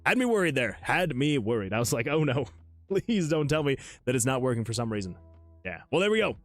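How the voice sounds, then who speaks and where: A man hosting a casual livestream, chatting excitedly with viewers, laughing often and reading chat messages aloud. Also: mid-range voice, a little fast, no room sound, soft background music. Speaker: livestream host and game developer.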